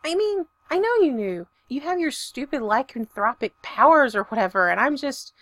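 A woman voicing an excitable, flustered young man who talks in fast, shrill, rambling bursts. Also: no echo.

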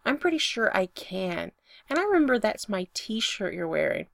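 A woman's voice: mid-range voice, big pitch swings, moderate pace, vocal fry, no room sound, studio quality. A woman reading aloud, voicing a blunt, exasperated young man in love in a storybook romance. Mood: earnest.

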